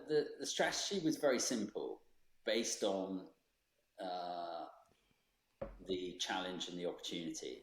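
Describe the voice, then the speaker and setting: Low-voiced guy, founder on a podcast, slow and thoughtful, roomy echo. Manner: thoughtful, measured, many ums. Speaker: brand founder, guest. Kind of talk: podcast interview.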